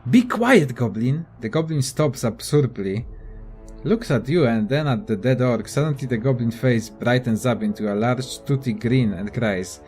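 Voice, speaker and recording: A man's voice: medium pitch, moderate pace, darkish tone, faint music behind. A young man casually commenting on a video game and reading its text aloud, offhand and profane. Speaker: let's play gamer.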